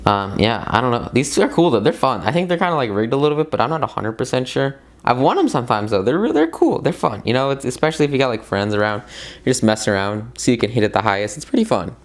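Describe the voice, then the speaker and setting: Excitable man reviewing a self-help book. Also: medium pitch, quick pace. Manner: excitable and emphatic, repeats words for stress, addresses viewers as "guys"; loose and rambling, with many fillers and side tangents. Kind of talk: casual motivational book commentary.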